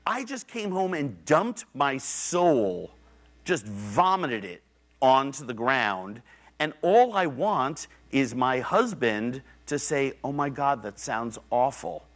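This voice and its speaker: A man's voice: medium pitch, very animated, slow pace, a bit bright. Middle-aged male lecturer, conversational storyteller, blunt and casual. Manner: conversational storytelling, acts out quoted voices. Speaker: public lecturer. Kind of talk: public lecture. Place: university theater.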